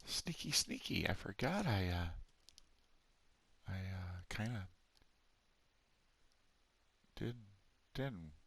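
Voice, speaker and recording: Middle-aged let's play host, unhurried, animated pitch, self-amused chatter to viewers. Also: male voice, creaky, no echo. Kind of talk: casual gameplay commentary.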